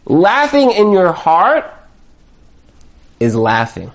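Male Torah teacher, high voice with wide swings. Lively storyteller who plays out dialogues. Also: takes it slowly, pauses often. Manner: animated, acts out dialogues. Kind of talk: spoken Torah lesson.

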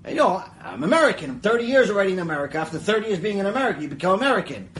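A man gives a Mussar lecture in a high, lively voice that rises and falls widely. He tells stories chattily, acts out the people in them, and drifts into asides. Faint noise sits under the recording. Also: rapid-fire, low-quality recording. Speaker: Torah teacher.

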